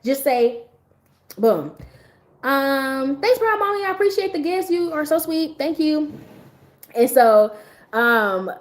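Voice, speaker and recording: A woman's voice: high-pitched, measured pace. A woman hosting a casual livestream, laughing often as she tells stories and answers her chat. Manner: laughs often, talks straight to chat, storytelling. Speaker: livestream host.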